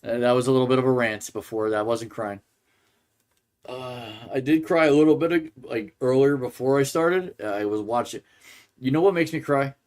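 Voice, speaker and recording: A man's voice: mid-range voice, moderate pace, a little mellow. A man hosting a sports podcast, ranting in a rambling way and restarting his sentences often. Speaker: podcast host. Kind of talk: casual sports rant.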